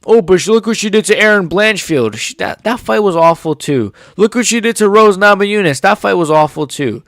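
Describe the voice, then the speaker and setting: A young man giving a profane, heated fight reaction as an MMA YouTuber, often swearing and rising into shouts. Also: high-pitched, lively intonation, fairly quick, no room sound, studio quality.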